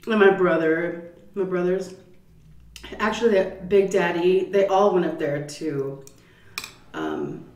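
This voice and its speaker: A mukbang vlogger with a lower voice tells a story casually while eating, cursing and acting out quotes as a lively storyteller. The room sounds roomy, with the mic at a distance.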